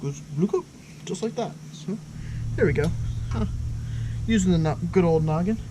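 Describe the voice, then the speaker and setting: A man's voice: sits high, animated, moderate pace, background noise. Self-mocking man tinkering outdoors. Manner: chatty, self-mocking, thinks aloud to viewers. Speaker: motorbike build vlogger. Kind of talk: casual talk while working on a scooter. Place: outdoors in hot weather.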